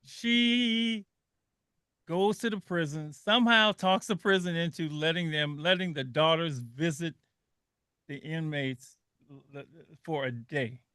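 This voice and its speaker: A man's voice: fairly high pitch, unhurried, sharp tone, clear, resonant tone, no echo, studio quality. An older man hosting a radio talk show, telling stories in an emotional, earnest way with frequent restarts.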